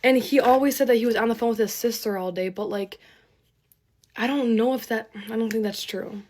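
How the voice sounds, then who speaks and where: A woman's voice: a little high, fairly quick, a little mellow. Rambling, swearing young woman. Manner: emotional, swearing, rambling with many fillers. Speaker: TikTok storyteller. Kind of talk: get-ready-with-me storytime. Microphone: phone camera.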